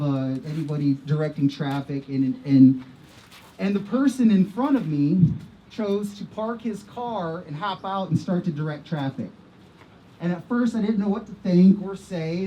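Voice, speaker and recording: A man's voice: high-pitched, warm tone, dull audio, slight background noise. Impassioned man telling a personal story. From Iowa, USA. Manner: earnest, impassioned storytelling with repetitions. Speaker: vigil speaker. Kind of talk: personal testimony speech. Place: outdoor vigil.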